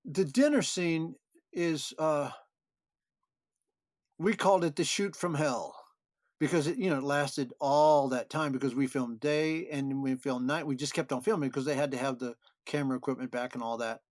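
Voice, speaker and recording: Older man telling lively stories. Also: a little high, normal speed, no echo, clean studio sound. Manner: animated anecdotes, chuckling, with restarts. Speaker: guest actor. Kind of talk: storytelling interview.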